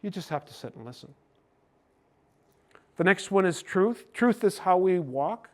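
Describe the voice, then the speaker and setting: An older Canadian man giving a gentle, folksy storytelling talk to a hockey team. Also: sits high, lively intonation, a little slow. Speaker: speaker on cultural mindfulness.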